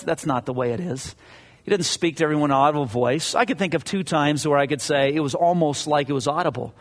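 A man's voice: on the high side, a bit bright, in a large hall. A man preaching a sermon as pastor, earnest and conversational, often repeating his words as he goes.

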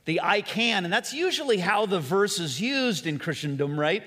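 Male pastor preaching a sermon, fairly high voice, earnest emphasis, long hall reverb. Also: sing-song, moderate pace. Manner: earnest preaching, repetitive emphasis, drops to soft voice.

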